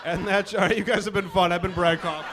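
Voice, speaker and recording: A man from Chicago doing a stand-up set on a comedy club stage, deadpan, with mock foreign gibberish. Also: high voice, fast talker, over a noisy crowd, very noisy.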